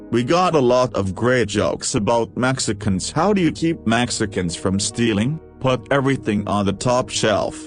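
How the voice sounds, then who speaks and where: A man reading a list of jokes aloud, with a steady question-and-punchline delivery. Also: lowish voice. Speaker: joke reader.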